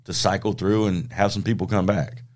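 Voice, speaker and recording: A man with a fairly low voice hosts a podcast in a relaxed, easygoing way. He tells stories casually and laughs as he goes. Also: normal speed. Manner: easygoing storyteller, laughs often. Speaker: podcast host. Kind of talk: casual chat.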